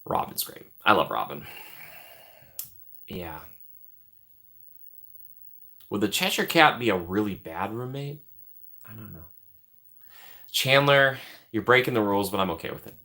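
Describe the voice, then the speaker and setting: A man hosting a live stream, rambling casually and joking as he thinks out loud while reading the chat. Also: on the low side, very animated, normal speed, long pauses.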